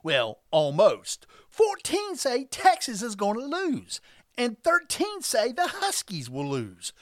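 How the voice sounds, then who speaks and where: A woman hosts a college football picks show, reading her script with playful, over-the-top emphasis. Her voice sits high and leaps all over the place as she takes her time with each phrase. The sound is dry and close. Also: huge pitch swings, takes it slowly, no echo. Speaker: podcast host. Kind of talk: scripted sports picks narration.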